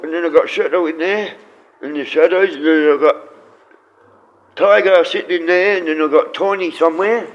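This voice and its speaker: Here a blunt sixty-something Australian man keeps a steady tone and moderate pace, his voice a little high. Rambling through casual live-stream chat, he reads the comments aloud and talks to his dogs. The audio is dull and lo-fi, with a faint hiss of noise.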